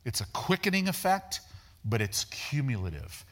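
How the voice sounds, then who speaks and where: A man preaching a sermon in a folksy, animated way, acting out the people in his stories and repeating words as he builds each point. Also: normal speed. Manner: animated, acts out dialogue with raised pitch. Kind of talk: sermon with storytelling.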